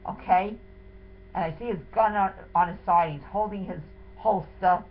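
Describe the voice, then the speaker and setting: A woman with a mid-range voice, speaking at normal speed, tells in first person what happened to her and her husband, emotional and indignant as she dramatically retells it. The recording sounds tinny and phone-like with a faint hiss.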